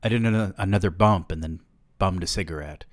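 A man's voice: low voice, a little fast, dry recording. A man reading a novel aloud on a podcast, with dry, profane, sardonic asides.

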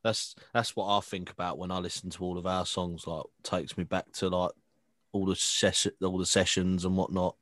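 A man, a band member, chatting on a podcast with relaxed, brief replies. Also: deep voice, normal speed, no room sound, clean studio sound. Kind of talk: casual podcast chat.

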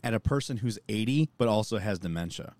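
A young man on a podcast, telling an animated story and quoting people as he goes. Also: lowish voice, quick pace. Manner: animated storytelling, lots of swearing and quoting others. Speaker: podcast co-host. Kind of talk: casual chat.

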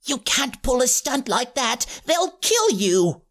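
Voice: sits high, very animated, takes it slowly, fairly bright tone, voice pushed up, heavily acted. A narrator voicing a timid, nervous boy teammate in an audiobook, anxious and hissing. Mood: alarmed.

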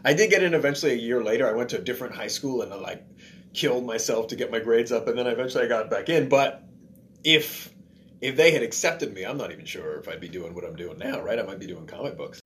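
A man's voice: mid-range voice, expressive, fast talker, a bit bright, a little hiss or hum. A male guest talking casually, rambling and self-deprecating, with many fillers and restarts. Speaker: guest, comedian and writer. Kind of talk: casual chat.

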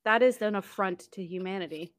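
A woman at a middle pitch co-hosts a podcast in easygoing talk. She swears casually and laughs along with her partner. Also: brisk, a bit bright.

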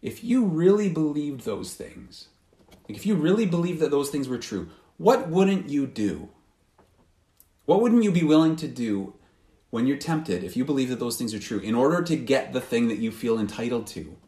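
A man's voice: mid-range voice, big pitch swings, normal speed, warm tone. Earnest man preaching. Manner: earnest, questioning, frequent restarts. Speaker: pastor. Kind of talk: sermon. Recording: roomy hall.

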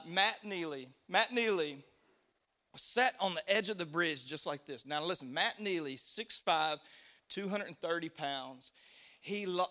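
A middle-aged man preaches, his voice sitting high and bright. He tells his stories in an animated way, laughing as he goes and shouting out quoted lines. Between the stories he drops into a hushed, earnest appeal to his congregation. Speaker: pastor. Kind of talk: sermon with storytelling.

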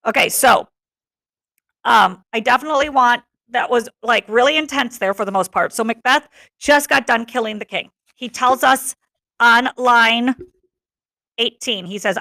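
A woman's voice: fairly high pitch, moderate pace, bright, forceful tone, no echo. A middle-aged woman teacher explaining a play to her class in a chatty way, often checking in with "okay?". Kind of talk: classroom literature lesson.

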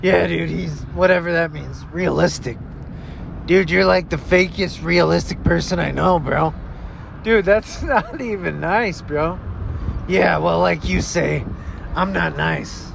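A man hosting a goofy comedy podcast, excitable and full of slangy banter. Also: on the high side, unhurried, creaky, noisy background. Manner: excitable, says dude and bro a lot. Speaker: host.

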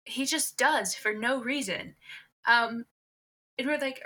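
A woman's voice: fairly high pitch, a little slow, bright, forceful tone. A woman co-hosting a podcast, telling a family story in amused, casual chat. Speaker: podcast co-host.

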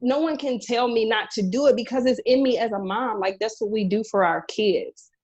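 A young adult woman co-hosting a casual podcast chat, telling animated stories and acting out quoted dialogue. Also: a little high, moderate pace, husky, dull audio. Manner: animated storyteller, acts out quoted dialogue, says "girl" often. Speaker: podcast co-host, chef.

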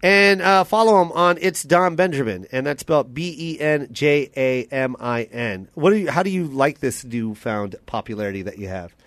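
A man's voice: mid-range voice, animated, moderate pace, few pauses, a bit bright, no room sound. A man hosting a comedy podcast in a joking, casual way, plugging his guest's new song. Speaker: podcast host.

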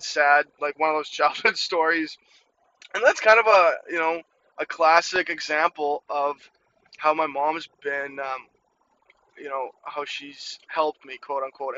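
A man's voice: on the high side, pushed and bright, highs cut off, a little hiss or hum. A man from Ukraine telling a childhood story in a candid, rambling way, full of "you know" and "like". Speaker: storyteller sharing a childhood memory. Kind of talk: casual personal storytelling.

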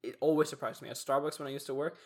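A young man in casual podcast chat, telling stories in an animated way and acting out what other people said. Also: mid-range voice, rapid-fire. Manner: animated storytelling, acts out quoted voices. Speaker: podcast co-host.

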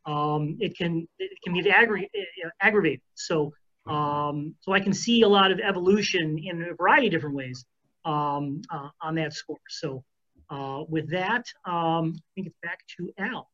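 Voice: medium pitch, moderate pace, pushed and bright. A podcast panelist talking casually and hesitantly, with frequent fillers. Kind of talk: casual chat. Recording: muffled lo-fi audio.

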